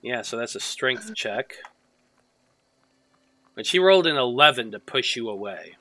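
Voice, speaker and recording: A man's voice: mid-range voice, animated, unhurried, sharp tone, low-quality recording. A man narrating as game master, loose and profane, often restarting his sentences.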